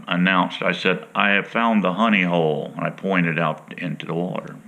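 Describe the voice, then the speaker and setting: A man's voice: fairly low pitch, gravelly, pushed and bright. A middle-aged man who hosts an outdoors show, telling a rambling, folksy fishing story to his viewers in a casual, chatty way.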